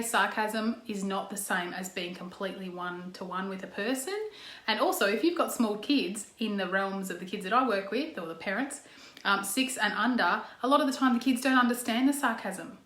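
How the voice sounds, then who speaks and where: A woman's voice: mid-range voice, a bit bright. Australian woman coach, casual talk to camera, chatty with lots of "okay", reverberant room. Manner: chatty, frequent "okay" and "um", talks with her hands, acts out example tones. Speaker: parenting coach. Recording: echoey room.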